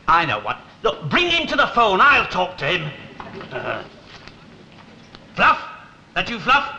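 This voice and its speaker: A man's voice: sits high, pushed and bright, echoey room, lo-fi sound, a little hiss or hum, full character voice. An actor playing an exasperated, put-upon man in a 1960s British sitcom, wry and blustering. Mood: flustered. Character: exasperated middle-aged man with an unruly dog. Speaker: Mister Hunt, sitcom lead.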